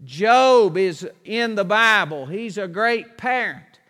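High-voiced preacher in a reverberant hall. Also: male voice, lively intonation, fairly bright tone. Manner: reads scripture aloud, slowing and rising in volume on verses. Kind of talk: sermon.

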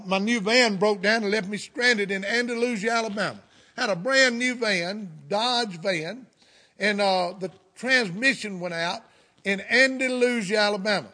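Male preacher, Southern US accent, middle-aged, high voice, folksy sermon storyteller. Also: bright, forceful tone. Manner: folksy storytelling with fervent interjections.

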